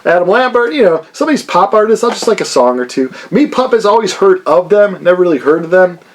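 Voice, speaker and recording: A man's voice: high-pitched, very animated, fast talker. A man hosting his own record-collecting channel, chatting casually and jokingly about a haul of CDs and vinyl, with lots of fillers. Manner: rambling and jokey, many fillers.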